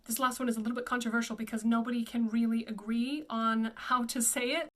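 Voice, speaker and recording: A woman voice coach with a fairly high voice leads a pronunciation lesson. She models each name slowly and repeats it for the listener. Her tone is clear and instructive throughout. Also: steady tone, a bit bright. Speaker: classical voice coach.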